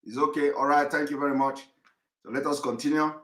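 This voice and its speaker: A man broadcasting live online, talking insistently with halting restarts and a voice that is cracking. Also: a little high, steady tone, a bit bright, echoey room.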